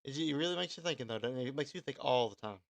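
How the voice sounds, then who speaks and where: A man from Kentucky, USA, with a medium-pitched, gravelly, expressive voice, hosts an online radio show as a DJ. He signs off the live stream in a casual, rambling way, racing along with lots of ums and restarts. The recording is dry.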